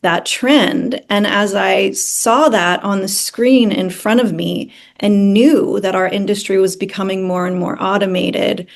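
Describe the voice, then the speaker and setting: A woman's voice: medium pitch, fairly even intonation, a little slow, vocal fry, few pauses. Earnest woman telling a founder's story. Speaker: founder and CEO, interview guest. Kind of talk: casual interview conversation.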